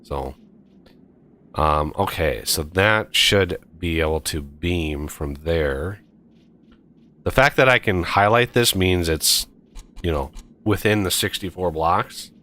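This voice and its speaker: Deep-voiced, slow-paced male game streamer, casual, thinking out loud. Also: lively intonation. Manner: thinks aloud, counts off steps while building. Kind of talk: casual multiplayer gameplay chat.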